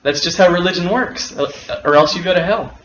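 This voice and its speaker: Man quoting preachy old woman, slow, insistent, roomy echo, dull sound. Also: high-pitched, fairly bright tone. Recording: roomy, dull and slightly noisy.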